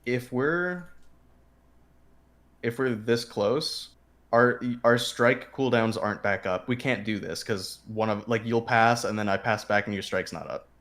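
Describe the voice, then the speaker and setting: A man's voice: medium pitch, unhurried, fairly bright tone. A man coaching a player through game tactics in casual talk, explaining patiently with frequent fillers and restarts. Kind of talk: casual coaching over a screen share.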